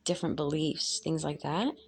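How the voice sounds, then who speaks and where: A woman giving a casual spoken tarot reading, halting and earnest as she searches for words. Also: low voice, fairly even intonation, vocal fry, slightly rough. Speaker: tarot reader.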